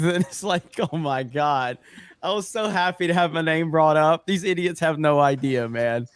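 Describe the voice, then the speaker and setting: A man hosting a casual online panel chat, laughing often and swearing as he gets excited. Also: fairly high pitch, normal speed, smooth, no echo. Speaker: show host.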